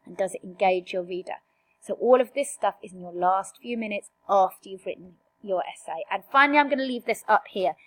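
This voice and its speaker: A woman's voice: mid-range voice, fairly quick. A woman teaching an exam revision lesson, direct and emphatic, firing rhetorical questions at her students.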